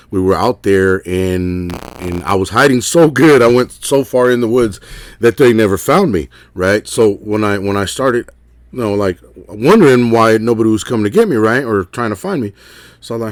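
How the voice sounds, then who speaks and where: A middle-aged man talks in a loose, rambling way, stacking fillers and checking in with "right?". His voice sits on the low side. The sound is close and dry, with no room echo. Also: moderate pace. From Texas. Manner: rambling, filler-heavy, keeps asking "right?". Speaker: caller sharing an encounter. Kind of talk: casual storytelling.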